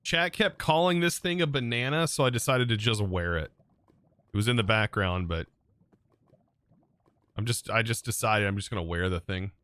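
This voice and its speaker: Chatty male game streamer, lively pitch. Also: normal speed, long pauses, clear, resonant tone, dry recording. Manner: chatty, talks to chat while playing, muttering lists to himself. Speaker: streamer playing a modded game. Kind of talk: casual live-stream chat.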